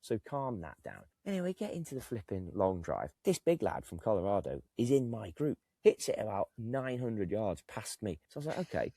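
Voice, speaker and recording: A man in his forties telling a long, animated anecdote as a podcast co-host, swearing freely and acting out what others said. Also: fairly low pitch, moderate pace, creaky, few pauses, breathy edge, no echo, studio quality. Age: 40s. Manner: animated, swearing, acts out other people's lines. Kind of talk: casual storytelling.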